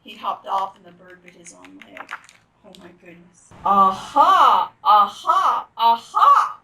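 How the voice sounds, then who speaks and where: Lively, bright-voiced woman reading to kids. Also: fairly low pitch, moderate pace, gravelly, echoey room, far from the mic, poor audio. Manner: animated, gasping, exclaiming to young listeners. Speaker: children's storytime reader. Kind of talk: reading picture books aloud to children.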